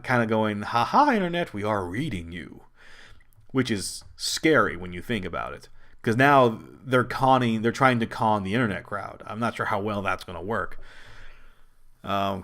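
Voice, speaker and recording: A man hosting his own wrestling show, talking casually and at length, with many restarts and sudden high jumps in pitch when he quotes people. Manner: rambling, animated, quick pitch jumps when quoting. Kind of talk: casual solo commentary.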